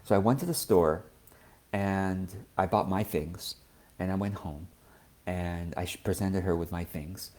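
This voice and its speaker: A man giving a gentle, thoughtful talk as a spiritual teacher, often checking in with the listener. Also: deep voice, moderate pace. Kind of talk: reflective personal talk.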